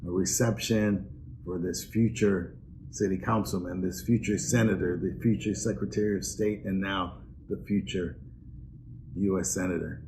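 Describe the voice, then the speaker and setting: Older male presenter, deep gravelly voice, warm earnest storytelling tone with a hint of hiss behind. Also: fairly even intonation, normal speed. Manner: reminiscing, earnest, hesitant fillers. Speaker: award presenter. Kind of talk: personal introduction speech.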